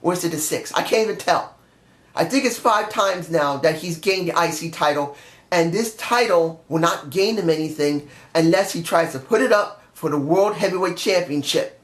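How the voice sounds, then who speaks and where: A man's voice: fairly high pitch, normal speed. A man giving a blunt, rambling wrestling review in a casual vlog, swearing now and then. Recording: roomy echo.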